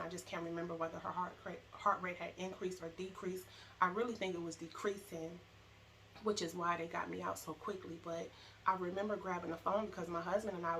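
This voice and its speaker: Young woman, low and flat voice, halting emotional retelling, faint background hiss. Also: rough recording. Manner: halting, emotional retelling with many fillers and restarts. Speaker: vlogger telling her birth story. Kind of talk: personal storytelling to camera.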